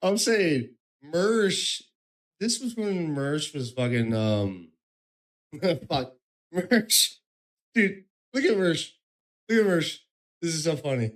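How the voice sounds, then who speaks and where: A man's voice: a little high, very animated, takes it slowly, pauses often. A young man streaming, telling a story in casual chat, laughing often and swearing freely.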